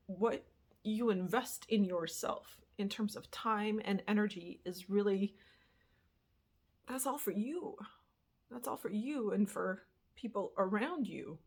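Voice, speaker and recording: A woman's voice: mid-range voice, unhurried, slightly rough. A young woman vlogger talking candidly and at length in a personal monologue, rambling and swearing casually as she reflects. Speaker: spiritual vlogger.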